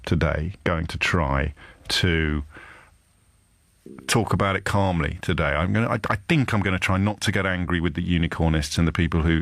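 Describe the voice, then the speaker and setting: A man hosting a live radio talk show, speaking emphatically and sardonically with deliberate pauses, with a trace of a Kidderminster accent. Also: low voice, a bit bright, no room sound. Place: radio studio. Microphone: studio microphone.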